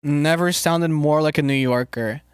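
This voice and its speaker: Rambling, cursing guy with a slightly high voice. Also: measured pace, clear, resonant tone, no echo, studio quality. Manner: rambling, loose and profane, full of filler words. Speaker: streamer. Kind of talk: casual chat, answering live chat.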